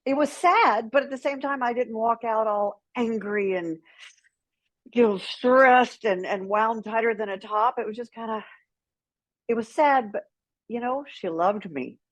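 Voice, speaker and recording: Middle-aged woman guest with a husky voice, animated and candid, recorded dry. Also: on the high side, a little slow, dry recording. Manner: animated, acts out quoted dialogue with laughs. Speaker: guest, author. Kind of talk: candid conversational storytelling.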